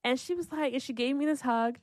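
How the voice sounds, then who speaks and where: A woman's voice: high-pitched, a little fast, no room sound, clean studio sound. A young adult woman telling a personal story in casual chat, acting out what everyone said and saying "like" a lot. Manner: animated, acts out quotes, lots of "like".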